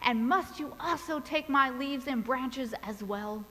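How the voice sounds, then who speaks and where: A woman voicing a humble male bamboo plant that begs and then gives in, in a sermon story, with soft, trembling pleas. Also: high voice, measured pace, in a large hall, low-quality recording. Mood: pleading.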